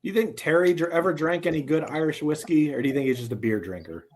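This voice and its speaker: A man's voice: fairly high pitch, fast talker, heavy background noise. A man co-hosting a podcast, bantering with dry jokes in casual chat. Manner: wry, jokey banter. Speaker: podcast co-host.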